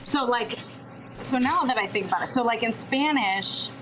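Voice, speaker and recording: A woman's voice: a little high, normal speed, noisy background. A woman guest chatting casually in an interview, playful and laughing, swearing freely. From born in Dallas, Texas, USA. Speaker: guest, TV show producer.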